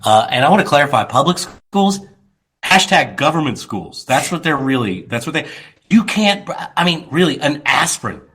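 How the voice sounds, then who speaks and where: A man hosting a radio talk show, telling a story with animated, mocking impressions. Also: fairly high pitch, moderate pace, a little hiss or hum. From Louisiana, US. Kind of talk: casual radio chat.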